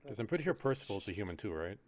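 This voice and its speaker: A man playing in a tabletop game, talking casually with lots of fillers and rushed stretches. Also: lowish voice, very animated. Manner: rambling, many fillers, rushed bursts. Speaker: player.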